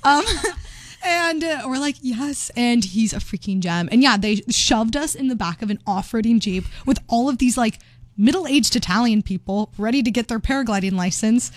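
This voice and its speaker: Chatty young woman with a bright, high voice. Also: lively intonation, normal speed, no echo. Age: young adult. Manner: chatty, laughing, acts out quotes. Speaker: vlogger. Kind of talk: casual chat.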